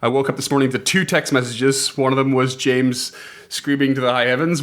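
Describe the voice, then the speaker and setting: A man's voice: mid-range voice, little pitch movement, brisk, a bit bright. A man from eastern Canada co-hosting a podcast, chatting in an upbeat way and laughing often. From East Coast Canada. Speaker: podcast co-host presenting lore. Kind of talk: casual podcast chat.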